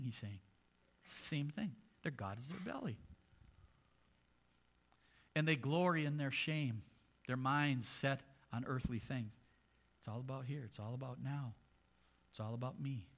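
A man's voice: medium pitch, a bit bright. A male pastor preaching a sermon in an everyday, mid-range voice. He talks to his listeners like he is having a conversation with them. Now and then he drops in sarcastic remarks.

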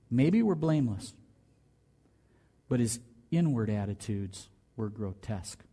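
A man preaching a sermon, talking through a Bible story and acting out the quoted lines with a lifted, louder voice. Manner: animated preaching, acts out quotes with rising pitch. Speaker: pastor.

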